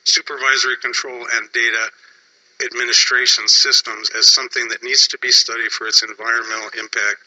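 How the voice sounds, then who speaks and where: A man giving earnest, urgent testimony at a public hearing, pausing now and then on fillers. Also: mid-range voice, little pitch movement, sharp tone, rough recording.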